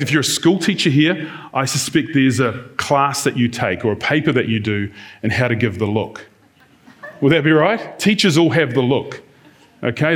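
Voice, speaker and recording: A male preacher delivering a sermon in a relaxed, conversational manner. He talks to the congregation directly and slips into short acted-out quotes in shifting tones. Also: mid-range voice. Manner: conversational, acts out quoted lines in varied tones.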